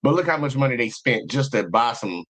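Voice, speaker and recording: A man's voice: medium pitch, lively intonation, brisk, a bit bright, poor audio. A man hosting a casual livestream chat, talking emphatically and swearing freely. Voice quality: profane, emphatic. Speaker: stream host.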